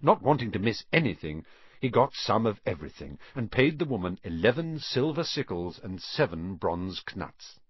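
A man narrating a storybook audiobook with an expressive, animated reading. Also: on the low side, normal speed, husky, lo-fi sound.

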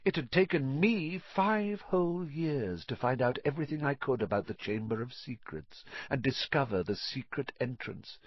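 A man's voice: lowish voice, slightly rough, dry recording, highs cut off, heavily acted. A man reading an audiobook, voicing a scheming, sneering sixteen-year-old boy wizard who gloats in a silky, cold manner. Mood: gloating. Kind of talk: audiobook character voice.

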